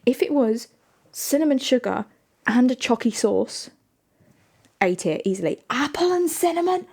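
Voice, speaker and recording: A woman's voice: a little high, sing-song, moderate pace, darkish tone, husky. A woman streamer in casual livestream chat, playful, laughing often and answering her viewers.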